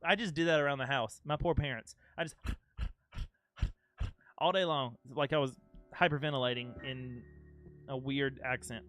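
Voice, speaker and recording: A man's voice: medium pitch, moderate pace, long pauses, a bit bright, no echo, soft background music. A young man streaming a game, chatting casually and playfully with his chat. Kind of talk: casual live-stream chat over gameplay.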